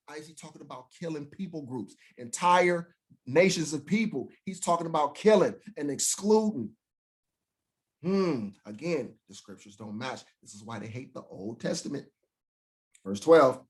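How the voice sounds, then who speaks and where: A man teaching from the Bible, reading verses slowly and then breaking into crude, mocking rants with big swings in pitch and loudness. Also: expressive. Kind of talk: profane scripture teaching.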